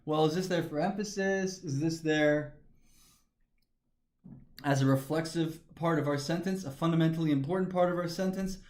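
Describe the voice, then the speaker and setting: A man's voice: on the high side, normal speed, darkish tone. A man teaching a grammar lesson, methodically talking through each step aloud. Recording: echoey room.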